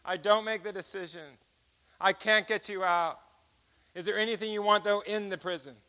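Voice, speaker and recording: A man's voice: sits high, normal speed, sharp tone, pitched above the performer's own voice. A man voicing a male prison interrogator who has turned friendly, speaking plainly and earnestly.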